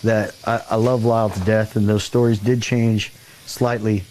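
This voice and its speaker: A man with a lowish voice tells a rambling anecdote on a casual talk show. He jumps into quoted voices and laughs along the way. A faint hiss of noise sits under the recording. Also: normal speed. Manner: animated anecdote-telling, acts out quoted voices, laughs often. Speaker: show host. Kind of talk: casual storytelling chat.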